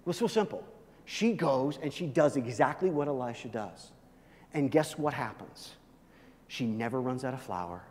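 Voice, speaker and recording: A man's voice: mid-range voice, lively intonation, normal speed, darkish tone, in a large hall. A male pastor preaching an emphatic sermon, urging his listeners again and again to listen.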